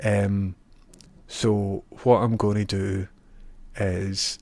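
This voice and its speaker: A man's voice: lowish voice, fairly even intonation, takes it slowly, darkish tone, no room sound. Joking Scottish man streaming, dry sound. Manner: joking banter, frequent laughter, rambling asides. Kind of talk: casual live-stream chat.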